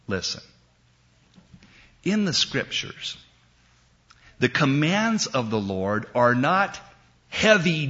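A middle-aged man preaching a sermon in a church, emphatic and unhurried, with dramatic pauses. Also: medium pitch, sharp tone, muffled recording. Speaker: pastor.

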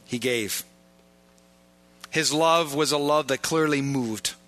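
A man's voice: a little high, steady tone, a little slow, fairly bright tone. A man preaching a sermon as pastor, joking and informal in asides, pressing his points with emphatic repetition.

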